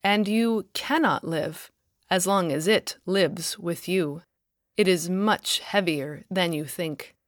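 A woman reading the Lord, calm and grave. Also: on the low side, takes it slowly, dry recording, clean studio sound. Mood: solemn. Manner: steady, solemn, gentle authority. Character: the Lord, calm grave male divine figure. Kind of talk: storybook reading.

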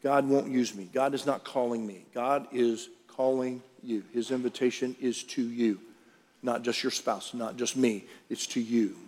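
A man's voice: mid-range voice, fairly even intonation, a little slow, a little mellow. A man preaching a sermon to a congregation, chatty and direct, asking the room questions. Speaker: pastor. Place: large church auditorium. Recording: reverberant hall with faint music.

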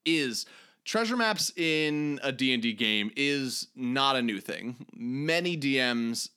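A man hosting a podcast in casual chat, upbeat and quick to laugh. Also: mid-range voice, expressive, bright, forceful tone, clean tone. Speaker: podcast host.

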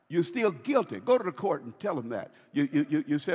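A man preaching a sermon as pastor, swinging between loud and hushed with dramatic pauses. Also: a little high, big pitch swings, slightly rough, big-room sound.

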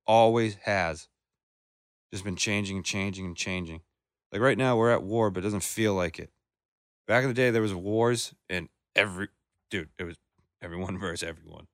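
Laid-back young man, low voice, dry. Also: moderate pace, a bit bright, no echo. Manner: laid-back, rambling, swears often. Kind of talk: casual chat.

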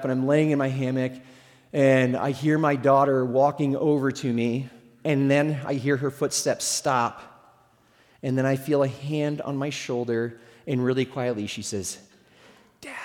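A man's voice: mid-range voice, darkish tone. A middle-aged man preaching a sermon as pastor, telling stories in a conversational, humorous way. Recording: long hall reverb.

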